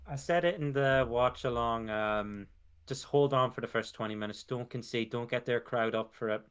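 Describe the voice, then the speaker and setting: A man's voice: mid-range voice, normal speed, a bit bright, clean tone. A man giving opinions in a casual football chat, tagging his sentences with short repeats. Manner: opinionated, tag endings like "it was".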